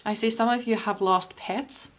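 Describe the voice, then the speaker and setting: A woman giving a spoken tarot reading, soft and earnest, with many fillers. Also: fairly high pitch, fairly even intonation, moderate pace. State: tearful, emotional. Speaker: tarot reader.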